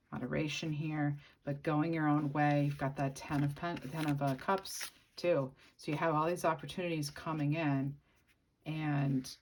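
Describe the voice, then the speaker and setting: A woman's voice: low-pitched, a little hiss or hum. A woman giving a casual channeled tarot reading, musing aloud and speaking to the viewer directly. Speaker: tarot reader.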